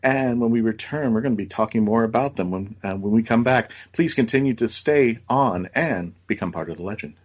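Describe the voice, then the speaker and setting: A man's voice: lowish voice, brisk, hardly any pauses, dull audio. A man in his forties hosting a radio talk show, joking, stumbling over words and laughing often. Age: 40s. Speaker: host.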